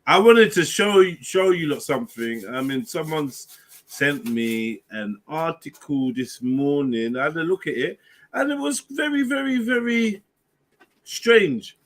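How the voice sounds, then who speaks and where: Bright-voiced man hosting a stream. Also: on the high side, lively intonation, unhurried. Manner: banters and teases the panel. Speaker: stream host. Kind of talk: casual panel chat.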